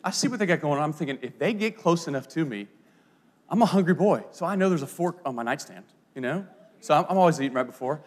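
Speaking fast in a voice on the high side, this thirty-something pastor preaches through playful stories. His sermon is animated and full of asides.

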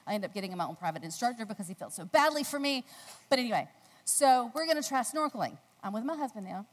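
Lively American woman telling stories in a hall. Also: fast. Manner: animated storytelling, acting out quotes in a squealing high voice. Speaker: speaker at a faith gathering. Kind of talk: personal story turned devotional talk. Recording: long hall reverb.

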